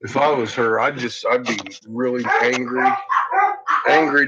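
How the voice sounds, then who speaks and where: A man's voice: medium pitch, steady tone, unhurried. A man vlogging casually at home in his kitchen, rambling, joking and talking to his pets. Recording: dull, noisy home recording.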